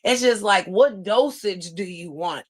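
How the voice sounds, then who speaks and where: This is a woman hosting a casual livestream, talking straight to her viewers. She is blunt and sarcastic and laughs often, and she reads comments aloud as she goes. Her voice sits at a middling pitch. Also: measured pace, husky. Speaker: livestream host.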